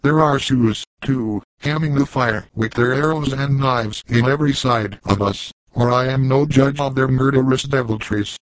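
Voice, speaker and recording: A man's voice: medium pitch, normal speed, hardly any pauses, no room sound, close to an everyday voice, rough recording. A man voicing a grim, solemn old frontier trapper who speaks in weighty, archaic phrases. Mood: grave warning. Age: older.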